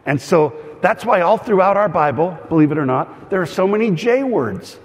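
A man's voice: high-pitched, expressive, normal speed. A man preaching as a pastor, teaching in a conversational way with humorous asides and frequent fillers and restarts. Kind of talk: teaching sermon. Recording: long hall reverb.

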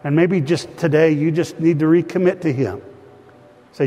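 Male pastor, fairly high voice, earnest sermon and prayer, long church-hall reverb. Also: normal speed, warm tone. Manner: earnest, addresses congregation directly. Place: church sanctuary.

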